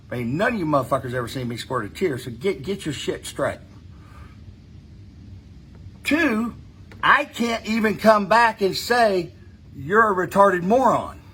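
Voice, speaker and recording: A man's voice: a little high, a bit bright, a little hiss or hum. Blunt, cussing man ranting. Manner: profane, blunt, mocking, rambling with restarts. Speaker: street racer ranting on his own page. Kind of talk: casual unscripted rant.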